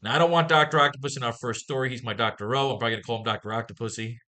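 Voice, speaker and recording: A man teaching a casual online comic-writing lesson, cursing freely and thinking out loud with enthusiasm. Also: medium pitch, fairly even intonation, rapid-fire.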